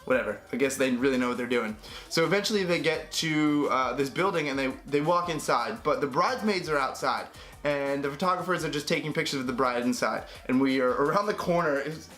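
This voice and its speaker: A young man vlogging, telling a travel story in a lively way and acting out the people he quotes. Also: mid-range voice, a little fast, faint music behind. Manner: animated, acts out quoted voices. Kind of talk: storytelling to camera.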